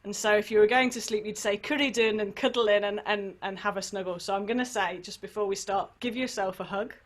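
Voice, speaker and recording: A woman leading an online sing-along warm-up over a computer microphone, chatty and encouraging, with playful asides. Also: mid-range voice, steady tone, brisk. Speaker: singing workshop leader.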